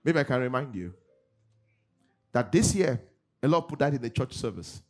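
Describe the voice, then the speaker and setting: A man's voice: mid-range voice, big pitch swings, brisk, darkish tone, faint music behind. A middle-aged man preaching a sermon as pastor, acting out congregants' voices and laughing often.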